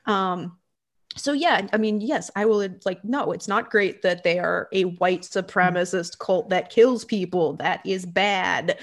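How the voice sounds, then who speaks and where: A woman hosting a casual chat about a film, animated and quick to laugh, acting out other people's lines. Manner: animated, laughs often, acts out voices with big pitch jumps.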